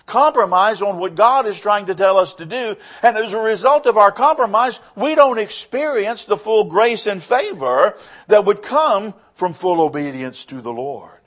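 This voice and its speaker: Delivering a sermon in a high-pitched voice, this male pastor is emphatic, repeats himself often and alternates loud phrases with quiet ones.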